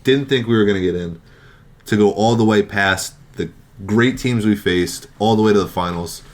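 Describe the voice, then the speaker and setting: A man's voice: on the low side, moderate pace. A young man co-hosting a casual sports podcast, wry and grumbling about his team. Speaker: podcast co-host.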